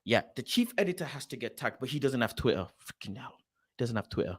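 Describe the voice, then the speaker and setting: A man's voice: mid-range voice, big pitch swings, fast, husky. A young man hosting a football channel, reacting to a screen in an exasperated, mocking rant full of swearing, muttering as he reads names aloud. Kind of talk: ranting reaction commentary.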